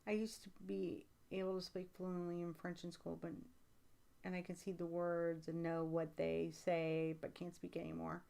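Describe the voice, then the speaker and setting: Chatty American woman with a lowish voice. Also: moderate pace, gravelly. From United States. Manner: chatty and rambling, with many fillers; grows animated and emphatic when excited. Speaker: livestream host and psychic reader. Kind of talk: casual livestream chat, answering viewer comments.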